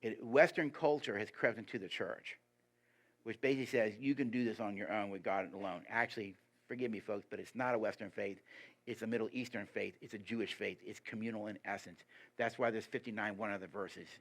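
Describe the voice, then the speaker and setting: Emphatic male guest preacher. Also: brisk. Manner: asks the congregation rhetorical questions; lively and emphatic, pitch rising on key points. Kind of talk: sermon.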